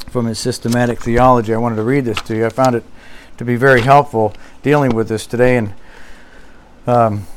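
A man preaching a sermon in an earnest style, lifting and dropping his voice for emphasis and reading quotes slowly. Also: mid-range voice. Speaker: pastor.

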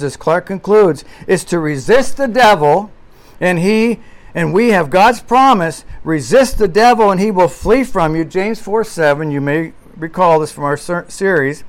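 A man with a somewhat high voice preaches a sermon from a church pulpit. He pushes hard on key words, then drops to quiet asides. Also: moderate pace. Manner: emphatic preaching with swings between loud and quiet. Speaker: pastor.

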